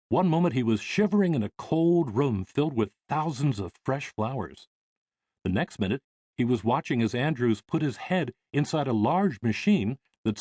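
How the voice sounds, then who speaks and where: Expressive male audiobook narrator. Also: medium pitch, no room sound. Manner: measured, expressive. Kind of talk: scripted narration.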